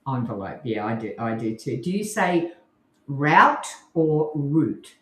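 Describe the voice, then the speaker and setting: A woman's voice: a bass voice, expressive, moderate pace, darkish tone. An Australian woman co-hosting a casual podcast, chatty and rambling, laughing often. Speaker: co-host. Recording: echoey room.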